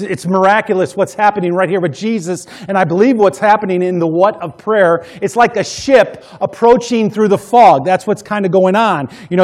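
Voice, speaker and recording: In a high-pitched voice, a male pastor preaches emphatically, repeating key phrases and swinging between loud passages and hushed moments.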